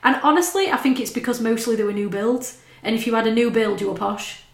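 A woman's voice: on the high side, fast talker, reverberant. A woman, chatting casually as a podcast co-host, swearing and laughing as she talks. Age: 30s. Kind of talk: casual chat.

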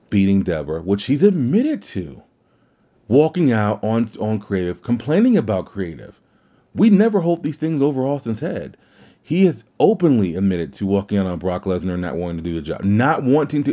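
On his podcast, a man with a warm, fairly low voice delivers a casual wrestling rant, speaking bluntly and cursing often, over dull lo-fi audio.

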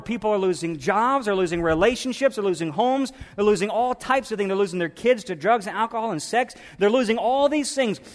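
A man preaching a sermon as pastor to his church, moving from quiet reflection to loud, fervent preaching. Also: sits high, in a large hall. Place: church sanctuary.

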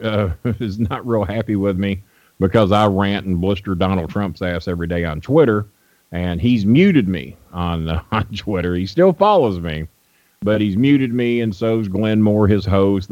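Deep-voiced and darkish in tone, a Louisville, Kentucky wrestling manager tells casual, profane, wandering stories as a guest on an interview show. The sound is dry and lo-fi.

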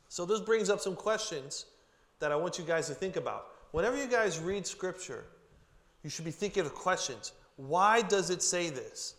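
A man's voice: high-pitched, lively intonation, normal speed, a bit bright. A man preaching a casual, joking sermon to a group, with chatty asides. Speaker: pastor. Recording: long hall reverb.

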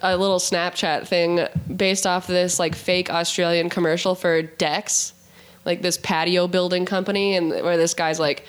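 A young woman co-hosting a casual podcast chat, telling stories in an animated, giggly way. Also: fairly low pitch, normal speed, smooth. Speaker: podcast co-host.

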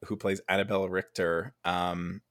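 Low-voiced man chatting casually. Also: moderate pace, dry recording, clean studio sound. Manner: relaxed, hesitant with many fillers. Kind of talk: casual chat.

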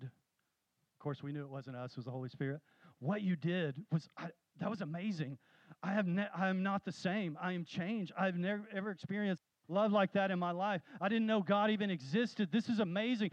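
A man preaching a sermon, telling stories with animated, rising emphasis. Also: high-pitched, moderate pace, dry recording, dull audio. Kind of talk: sermon with storytelling.

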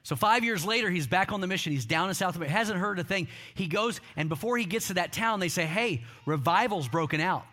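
A man's voice: sits high, expressive, quick pace, few pauses, sharp tone. A middle-aged man preaching a sermon, telling stories with quoted voices and calling on the congregation to respond. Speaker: pastor.

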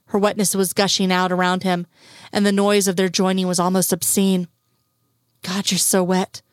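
A woman's voice: medium pitch, little pitch movement, fairly quick, dry recording. Woman narrating in a dry, close voice. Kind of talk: reading a story aloud.

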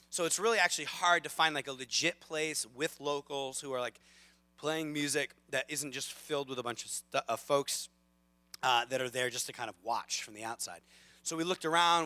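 A man in his thirties preaching a sermon as a lively, self-deprecating storyteller, with big swings in loudness. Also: medium pitch, no room sound. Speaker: pastor.

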